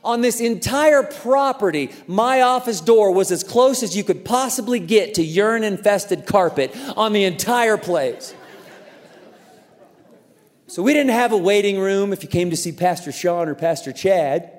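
A man preaching a sermon as a pastor, telling a story in an animated way and acting out the voices in it. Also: sits high, measured pace, in a large hall. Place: large church auditorium.

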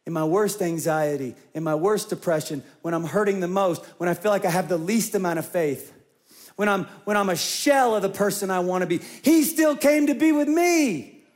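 A male pastor in his forties preaching a sermon, telling a personal story in a lively way that swings from loud to hushed. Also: high voice, moderate pace.

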